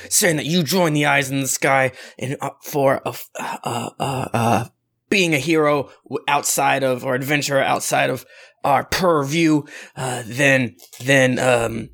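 Acting as game master, a man narrates a tabletop game, rambling along with plenty of fillers and laughing at his own jokes. His voice is medium in pitch and slightly bright, and he speaks at a moderate pace.

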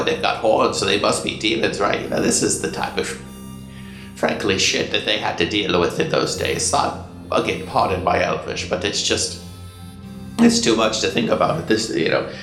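Man doing a rambling storyteller of legends, gravelly and low, roomy echo, soft music behind, game narration. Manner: digressive, full of fillers and asides. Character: rambling male in-world chronicler, wry.

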